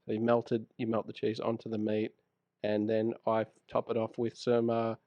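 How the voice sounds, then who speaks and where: A man's voice: lowish voice, monotone, no room sound, highs cut off. Easygoing man, the guest cook. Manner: easygoing, quick to laugh. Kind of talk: casual chat. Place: makeshift home podcast studio.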